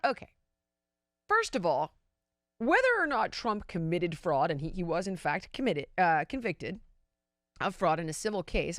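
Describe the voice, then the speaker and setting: A woman's voice: medium pitch, a bit bright, no echo, studio quality. Emphatic woman giving political commentary. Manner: emphatic, exasperated, asks rhetorical questions. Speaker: show host.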